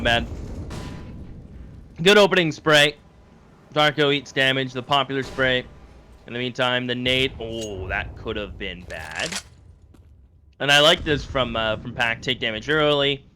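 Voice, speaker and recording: A man in a middle-pitched voice casts an esports match, breaking down the play and pushing to shouted calls at the big moments. Game gunfire and clicks can be heard clearly behind him. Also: measured pace, pauses often, slight background noise. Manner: animated, climbing to shouted calls in clutch moments. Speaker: esports commentator. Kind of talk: esports color and play-by-play commentary.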